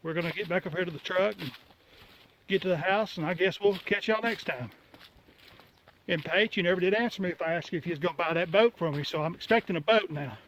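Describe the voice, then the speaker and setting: A man's voice: high voice, quick pace, a bit bright, low-quality recording. A man from north Alabama, casually narrating a fishing trip by a lake, out of breath and talking to the camera. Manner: laid-back, talks to the camera while fishing. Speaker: fishing vlogger. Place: outdoors by a lake.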